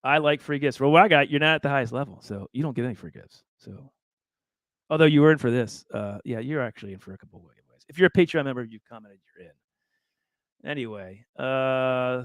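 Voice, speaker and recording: A man's voice: medium pitch, fairly quick, dry recording, clean studio sound. A man hosting a casual livestream, talking in a chatty, rambling way with laughs and repeated words. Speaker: livestream host.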